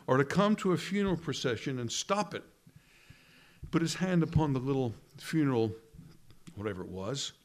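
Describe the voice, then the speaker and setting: A man preaching a sermon, earnest and emphatic, with dramatic pauses and quoted lines dropped low and hushed. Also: expressive.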